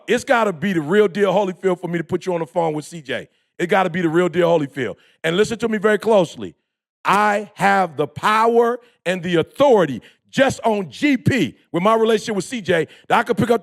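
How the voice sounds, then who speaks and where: High, gravelly-voiced impassioned male speaker. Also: lively intonation, brisk. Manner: preachy, emphatic, bursts into shouting; slangy, repeats phrases for emphasis. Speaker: motivational speaker. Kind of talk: impassioned motivational talk.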